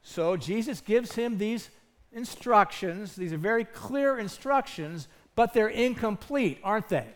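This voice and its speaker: A man's voice: high-pitched, expressive, unhurried. A man preaching a sermon as pastor, earnest and emphatic, asking his listeners rhetorical questions.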